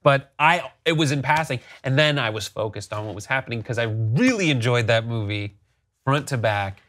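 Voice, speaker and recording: A man's voice: medium pitch, expressive, normal speed, fairly bright tone. A man co-hosting a casual pop-culture discussion, easygoing with a wry, dry humor. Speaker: co-host.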